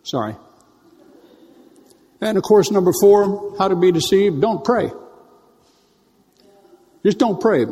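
A man's voice: a little high, dark tone. Man preaching in a reverberant church. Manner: conversational preaching with teasing asides and drawn-out emphasis. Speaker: pastor. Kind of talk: sermon.

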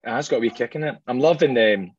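Scottish male host, fast-talking and jokey, slightly husky voice, dull dry recording. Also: medium pitch, dry recording. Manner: chatty, jokey, quick and self-deprecating. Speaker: host of a whisky tasting show. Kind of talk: casual tasting chat.

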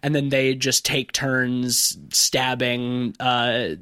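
A man's voice: medium pitch, flat delivery, bright, forceful tone, smooth. A man in casual podcast chat, giving blunt opinions about a movie and swearing now and then. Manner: opinionated, swears casually, quick bursts of talk.

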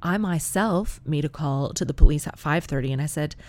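A woman's voice: sits low, a little fast. A woman telling a comic story in a chatty, wry, profane way.

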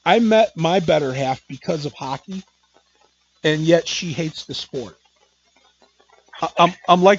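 A man hosting a podcast, talking in a loose, rambling way with many fillers and asides. His voice sits a little high. The recording is dull and lo-fi, with a faint hiss underneath. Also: unhurried, long pauses. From Midwest United States. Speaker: podcast host. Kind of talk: casual interview chat.

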